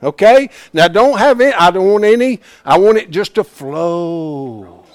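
A man teaching a Bible class in a folksy, plain-spoken way, swinging from hushed asides to loud emphasis. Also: sits high, animated, unhurried, no room sound, clean studio sound.

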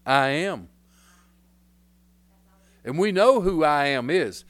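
An older man with a drawl delivers a rambling, folksy sermon. His voice sits high for a man, and he swings from quiet asides to loud hollers. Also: lively intonation, takes it slowly. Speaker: pastor.

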